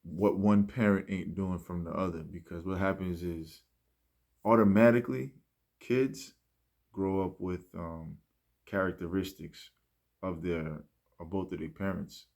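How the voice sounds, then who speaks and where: A man speaking in a rambling, reflective monologue, often restarting and trailing off softly. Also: sits low, steady tone, unhurried, creaky. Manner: rambling, many fillers and restarts; soft-spoken, trailing off. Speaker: musician speaking about his mindset.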